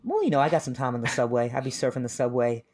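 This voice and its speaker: A young man from New talks about books in a loose, joking way. He gets animated and laughs often as he goes. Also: medium pitch, racing. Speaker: podcast co-host. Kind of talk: casual chat about books.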